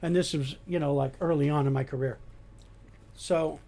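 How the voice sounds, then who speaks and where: An older man, a retired police detective, telling animated anecdotes in a casual chat. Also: fairly high pitch, normal speed, vocal fry. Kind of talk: casual storytelling.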